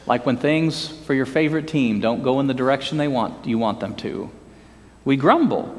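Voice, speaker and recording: A man preaching a sermon in an animated, folksy way, often asking his congregation questions. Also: fairly high pitch, normal speed. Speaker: pastor. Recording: long hall reverb.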